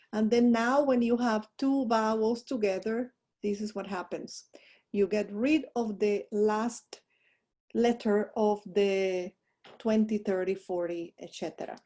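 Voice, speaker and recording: With a mellow, medium-pitched voice, this woman teaches languages in a recorded online lesson. She fumbles with her mouse as she talks through her slides, dropping chatty asides along the way.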